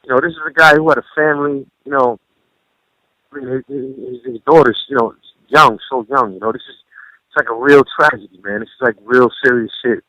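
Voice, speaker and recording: A rapper phoning in as a guest, telling stories in a rambling, profane way, full of "you know". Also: male voice, medium pitch, a little fast, bright, forceful tone, no echo. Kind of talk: casual storytelling over the phone. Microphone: phone. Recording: muffled phone line.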